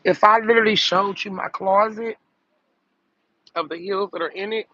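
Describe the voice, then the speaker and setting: A woman's voice: medium pitch, steady tone, normal speed, pushed and bright, highs cut off, slight background noise. A woman chatting casually to her viewers on a live stream from a car, emphatic and repetitive, calling them baby, honey and girl.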